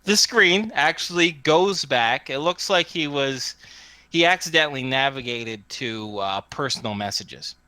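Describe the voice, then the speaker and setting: Animated man running a tabletop game, bright voice, dry close mic. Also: mid-range voice, a little slow, dry recording. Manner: rambling, with fillers and restarts. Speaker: game master.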